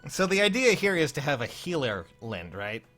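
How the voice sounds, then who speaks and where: A man's voice: fairly high pitch, sing-song, moderate pace, a bit bright, soft background music. A man hosting a casual livestream, flustered and rambling, often laughing as he reviews viewers' game builds. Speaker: livestream host.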